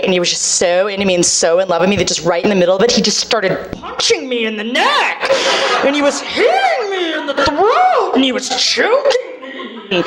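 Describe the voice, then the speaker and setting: A woman from Boston performing a stand-up comedy set, talking fast and making fun of herself. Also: fairly low pitch. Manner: rapid, self-mocking, acts out other people's voices. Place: comedy club stage. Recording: live club set with loud audience.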